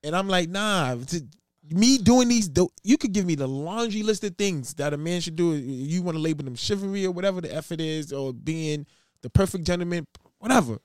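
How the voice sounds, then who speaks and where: Lively man pushing back in debate. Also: high-pitched, a little fast, no room sound, studio quality. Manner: questioning, pushes back, lively. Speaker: podcast co-host. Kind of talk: casual debate chat.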